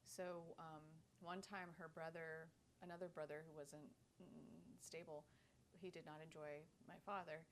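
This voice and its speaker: A woman's voice: sits low, little pitch movement, a little slow, a little hiss or hum. A woman co-hosting a podcast, telling a story in casual chat, laughing often and acting out the lines she quotes. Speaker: podcast co-host.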